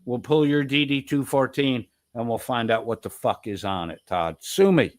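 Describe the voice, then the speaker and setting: A man's voice: medium pitch, fairly even intonation, moderate pace. A man hosting a livestream, reading chat and ranting with profanity and taunts. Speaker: stream host reading chat. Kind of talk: heated livestream commentary.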